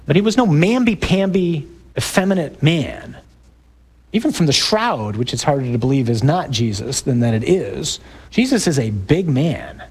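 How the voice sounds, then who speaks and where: A middle-aged priest giving an emphatic talk to a parish group, building up to loud exclamations. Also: male voice, a little high, big pitch swings, normal speed, husky.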